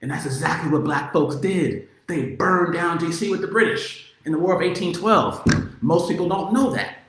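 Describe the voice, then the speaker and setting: Profane, animated man in an echoey room. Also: fairly high pitch, moderate pace. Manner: profane, animated, heavy filler words. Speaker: political commentator. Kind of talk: casual monologue.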